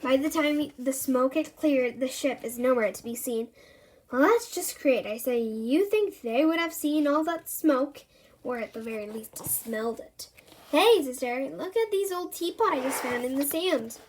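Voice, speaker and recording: High-voiced woman reading a children's story. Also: normal speed. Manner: voices characters with lively pitch jumps. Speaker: reader. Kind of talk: reading a children's book aloud.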